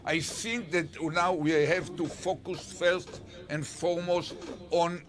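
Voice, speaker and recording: A man with a slightly high voice speaks slowly and carefully in an interview. He pauses and hedges with fillers as he builds his point. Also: fairly even intonation. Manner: deliberate, halting, with fillers. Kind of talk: interview talk.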